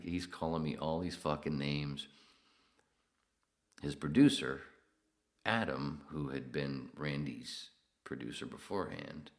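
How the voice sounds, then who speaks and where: Super deep gravelly guy rambling and swearing through his own podcast. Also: measured pace, long pauses. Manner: profane, rambling, self-interrupting. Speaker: podcast host. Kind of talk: casual live-stream storytelling.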